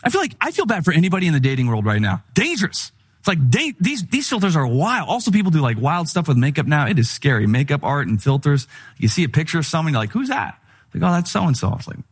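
A middle-aged man preaching a sermon in a conversational, humorous style, telling animated stories. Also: mid-range voice. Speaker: pastor.

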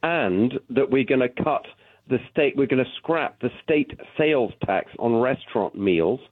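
A man's voice: mid-range voice, measured pace, no room sound. British man on a tinny phone line. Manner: animated, full of restarts. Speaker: political candidate guest. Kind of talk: phone-in radio interview.

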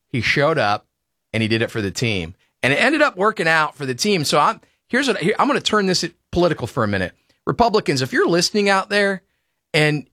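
An emphatic man runs a sports talk show, opinionated and quick to get worked up. His voice sits in the middle range. The sound is close and dry. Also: mid-range voice, pushed and bright, dry recording. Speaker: radio sports talk host.

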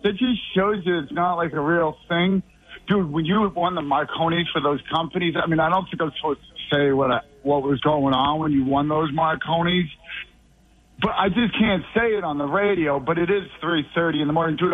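A man from the Boston area calling into a radio show, rambling and excitable and quick to mock outrage. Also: a little high. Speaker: regular radio caller. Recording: tinny dry phone line.

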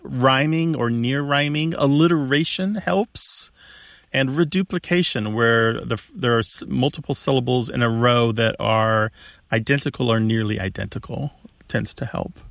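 A man co-hosting a radio talk show, explaining things in a knowledgeable, lively way. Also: medium pitch, moderate pace, creaky, no room sound, studio quality. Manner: knowledgeable, lively, laughs easily.

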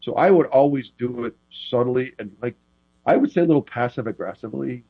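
A man who is a former quarterback, talking as a guest in a casual interview, telling rambling, animated stories full of restarts. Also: medium pitch, brisk, no echo, narrow, tinny audio.

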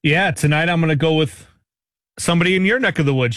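A man's voice: fairly high pitch, fast talker, a bit bright, dry recording, studio quality. A man, a show producer, making his pick in a playful, hyped way. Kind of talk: casual sports talk.

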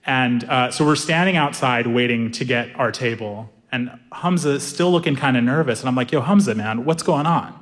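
A young man doing animated stand-up storytelling, acting out voices with sudden high-pitched outbursts. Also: normal speed, hardly any pauses, long reverb tail. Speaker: stand-up comedian.

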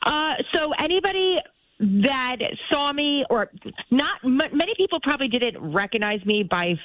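Show producer, woman, lively and playful storyteller on a tinny phone line, dry sound. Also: sits high, moderate pace, no echo. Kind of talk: casual banter with co-host.

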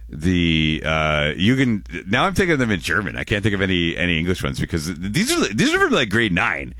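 A man's voice: deep voice, huge pitch swings, a little fast, sharp tone, dry recording, studio quality. A man in his forties, hosting a radio show in casual, rambling chat and often correcting himself.

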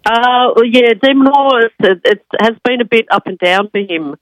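A hoarse woman with a cold talks tennis as a radio guest, her croaky voice pitched a little high. She halts often, with many ums and uhs. Her voice is dry, with no room sound. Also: normal speed, no echo, highs cut off. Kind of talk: radio interview.

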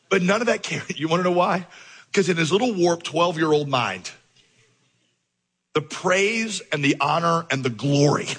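A male pastor telling a lively story in a sermon, acting out the voices in his dialogue. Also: fairly high pitch, breathy edge, in a large hall.

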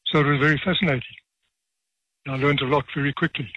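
A retired judge, telling stories with dry, self-deprecating humour in a radio interview. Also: male voice, fairly high pitch, steady tone, fast, slightly rough, no room sound, muffled recording. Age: 70s.

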